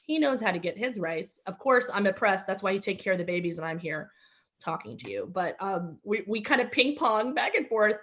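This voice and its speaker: Over a video call, the host of an online comedy show, a woman born in Egypt, fills the gaps between acts with rambling stand-up tales, stumbling through fillers and restarts. She speaks fairly quickly and expressively, in a mid-range, fairly bright voice.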